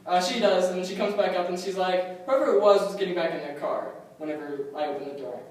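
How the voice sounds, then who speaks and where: A man's voice: sits high, quick pace. A young man telling a rambling stand-up story on stage, full of ums and likes and laughing at his own jokes. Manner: rambling, self-amused, lots of ums and likes. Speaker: stand-up comic. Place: comedy club stage. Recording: echoey room recorded from far, noisy. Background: audience laughter.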